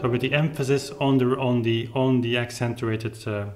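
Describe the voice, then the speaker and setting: A man's voice: medium pitch, fairly even intonation, moderate pace, loud music behind the voice. Thoughtful man explaining his playing. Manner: thoughtful, searching for words, explanatory. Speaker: clavichord player explaining his recording. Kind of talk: reflective spoken commentary with demonstrations. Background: faint clavichord playing between remarks.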